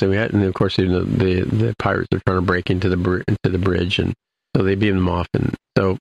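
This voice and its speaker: A man's voice: deep voice, level tone, normal speed, vocal fry. A man casually recapping an episode, rambling with many fillers and restarts. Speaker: podcast host recapping an episode. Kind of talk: casual chat.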